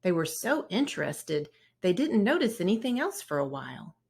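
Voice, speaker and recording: A woman's voice: fairly low pitch, big pitch swings, moderate pace, vocal fry, husky. A woman reading a children's picture book aloud, narrating expressively and voicing the characters. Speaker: storybook read-aloud narrator.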